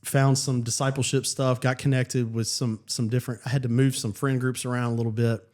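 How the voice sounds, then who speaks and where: A man's voice: medium pitch, little pitch movement, darkish tone. Earnest pastor telling his story. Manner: earnest, halting, many restarts. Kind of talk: personal testimony in casual chat.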